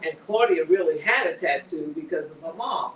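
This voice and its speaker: High-voiced man recapping a show, echoey. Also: moderate pace, lo-fi sound. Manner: animated, acts out characters' lines while retelling scenes. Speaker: show host. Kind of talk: casual TV recap chat. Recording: echoey room, distant mic.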